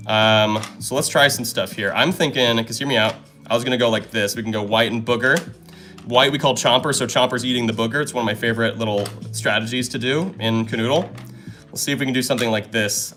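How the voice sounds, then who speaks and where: A young man with a mid-range voice hosts a live stream, chatting casually and excitedly as he solves puzzles and thanks his viewers.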